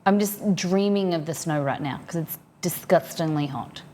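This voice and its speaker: A woman's voice: lowish voice, moderate pace, dark tone. An Australian woman livestreaming from her home office, chatting casually and rambling as she reads out viewers' messages.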